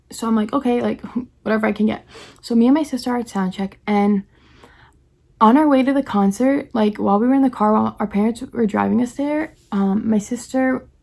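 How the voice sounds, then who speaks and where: A young woman from the New York area, chatty and excited, telling a personal story on her vlog and acting out the quoted lines. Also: mid-range voice, creaky. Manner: rapid, chatty, heavy use of "like", acts out quoted lines. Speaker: vlogger.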